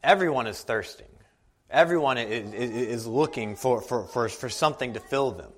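Earnest, halting man preaching a sermon. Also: medium pitch, animated. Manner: earnest, halting, with frequent restarts and repeated words; reads scripture aloud slowly and deliberately. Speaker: pastor.

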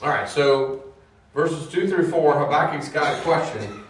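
A man teaching a Bible class, hesitant with many fillers, growing animated as he goes. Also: a little high, a little slow. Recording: echoey room from far off.

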